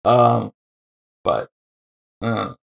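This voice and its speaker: A man's voice: fairly low pitch, steady tone, very slow, vocal fry. A man co-hosting a casual podcast chat, joking around and laughing often. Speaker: podcast co-host.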